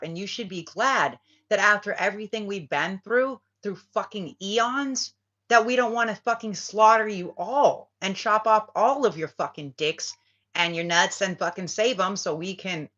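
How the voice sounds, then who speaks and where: A woman's voice: medium pitch, normal speed, sharp tone, dull audio. A woman, a spiritual reader, talking in a casual, rambling and emphatic way and swearing freely. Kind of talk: casual rambling vlog talk.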